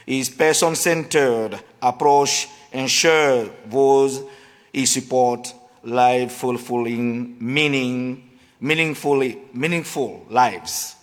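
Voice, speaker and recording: A man with a French accent presenting an award at a luncheon. He reads his speech haltingly, with restarts, and jokes at his own expense. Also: medium pitch. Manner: halting reading with restarts, self-deprecating. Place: large banquet hall at a luncheon. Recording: hall reverb in a banquet room.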